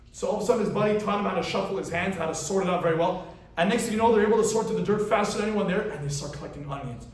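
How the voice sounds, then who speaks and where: A man, a rabbi giving a weekly class, telling a parable as a lively storyteller who acts out the characters. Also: sits high. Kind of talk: storytelling sermon. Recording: very echoey room, voice from far off, faint noise.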